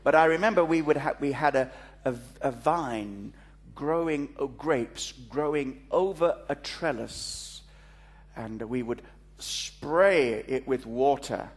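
A man's voice: mid-range voice, slow pace. A man, a pastor, preaching a sermon to a congregation, telling a story with playful asides. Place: church before a congregation.

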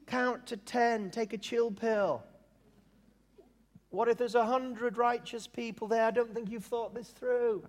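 A male preacher voicing a patriarch who pleads with an angry God to calm down, raising his voice higher than his plain speech. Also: measured pace. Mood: pleading.

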